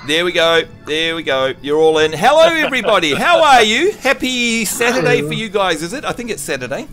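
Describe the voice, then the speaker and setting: A man's voice: high-pitched, very animated, fairly quick, bright, forceful tone, faint music behind. A man from New Zealand chatting casually and teasing friends while streaming a game. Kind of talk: casual live-stream chat.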